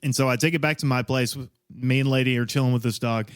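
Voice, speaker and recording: A man on a comedy podcast telling a long story in casual chat, animated and profane, laughing as he goes and acting out the people in it. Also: mid-range voice, quick pace, clear, resonant tone, dry recording, clean studio sound. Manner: animated, profane, laughs through his story, acts out voices in quotes.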